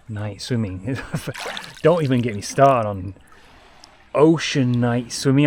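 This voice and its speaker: A man telling a travel vlog story in a jokey, animated way, now and then dropping to a hush, outside a villa at night. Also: medium pitch, slow pace, a little hiss or hum. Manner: animated, jokey, drops to hushed tones. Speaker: travel vlogger. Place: villa pool area at night.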